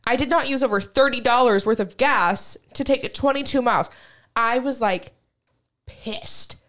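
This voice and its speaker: A woman's voice: a little high, moderate pace, fairly bright tone. A woman co-hosting a casual chat, venting bluntly with lots of fillers and swearing. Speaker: podcast co-host.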